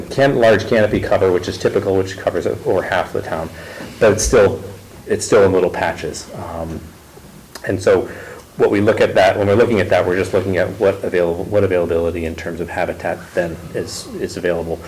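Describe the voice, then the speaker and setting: A man giving a presentation at a town meeting, halting, with many ums and restarts. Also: sits low, steady tone, darkish tone, slight background noise, low-quality recording. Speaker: ecological consultant presenting.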